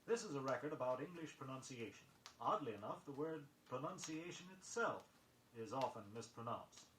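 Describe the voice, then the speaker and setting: A man reading a scripted pronunciation lesson, measured and precise, spelling words letter by letter on an old record. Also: mid-range voice, animated, a bit bright. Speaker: vocabulary record instructor. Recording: echoey vintage vinyl recording with faint noise.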